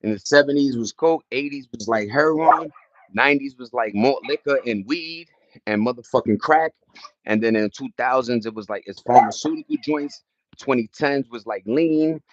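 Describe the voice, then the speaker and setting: A man's voice: mid-range voice, no echo. Middle-aged male streamer, slangy and easygoing; dull, dry lo-fi sound. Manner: slangy, loose storytelling, greets chat viewers between stories. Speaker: livestream host. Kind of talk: casual livestream chat.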